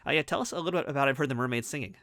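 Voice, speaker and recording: A man's voice: mid-range voice, a bit bright, no echo, clean studio sound. An American man hosting a casual interview, enthusiastic about the guest's work. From United States. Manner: enthusiastic, rapid talker. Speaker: podcast host.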